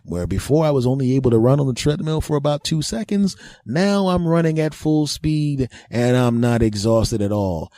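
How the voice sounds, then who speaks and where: Man, podcast host, comic storytelling, self-deprecating, laughs at own jokes, mellow dark tone, dry close sound. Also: mid-range voice, lively intonation, normal speed, hardly any pauses, no echo. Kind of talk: comedic storytelling monologue.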